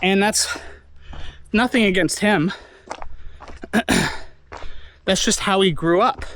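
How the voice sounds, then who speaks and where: A man in a reflective personal monologue, teary and sniffling, talking haltingly with long pauses and apologies. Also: high voice, fairly bright tone, a little hiss or hum. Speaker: vlogger.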